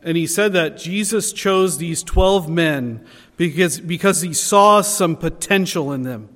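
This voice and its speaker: High-voiced man preaching in a reverberant hall. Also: measured pace, fairly bright tone. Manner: earnest preaching, rising in emphasis on key phrases. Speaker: pastor. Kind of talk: sermon. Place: church sanctuary.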